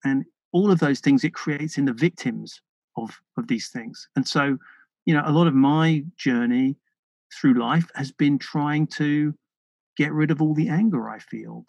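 A British man talking in a reflective interview, his voice gravelly with a touch of fry. He is earnest and thoughtful, stopping and restarting as he works through his ideas. The sound is close and dry, with no room around it. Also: mid-range voice, a little mellow, dry recording, poor audio. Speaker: podcast guest.

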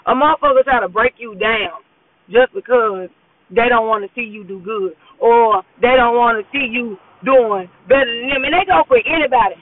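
Driving to work, a podcast host speaks casually into her phone, offering blunt, profane motivation and often asking "you know what I'm saying." Her voice is a little high and expressive, at normal speed. It sounds like a tinny, phone-quality voice message.

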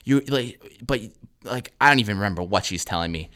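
A man's voice: on the low side, expressive, fairly quick, sharp tone. A man mimicking an exasperated female teacher. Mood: scolding. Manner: scolding, lecturing.

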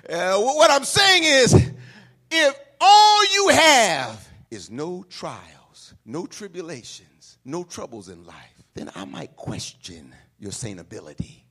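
A pastor preaching a sermon, shifting from quiet talk to shouted, sing-song peaks. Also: male voice, sits high.

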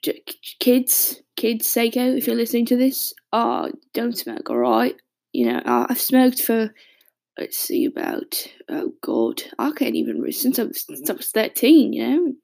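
A woman acts out a raspy, gravelly British man, a longtime smoker, in an audio drama monologue. His voice sits fairly high and has a rough fry, and he talks in hesitant, rambling stops and restarts. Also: very animated, measured pace, darkish tone, exaggerated voice. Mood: wistful, rambling. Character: raspy adult male smoker reading his childhood diary.

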